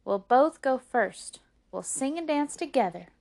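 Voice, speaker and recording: A woman's voice: sits high, lively intonation, measured pace, vocal fry, darkish tone, pitched above the performer's own voice, full character voice. Rose, a woman voicing a teasing storybook sister. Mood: conceding.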